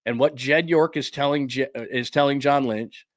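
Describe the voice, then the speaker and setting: A man hosting a solo sports podcast, giving blunt, opinionated, rapid-fire commentary. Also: mid-range voice, steady tone, dry recording, clean studio sound.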